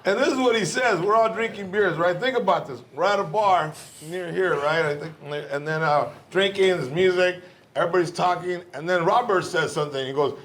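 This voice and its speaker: A man hosting a comedy podcast, loudly telling a story about his friends with lots of swearing and laughing. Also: high voice, a little fast. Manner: animated, laughing, swearing, bro slang. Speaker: podcast host. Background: crowd laughing.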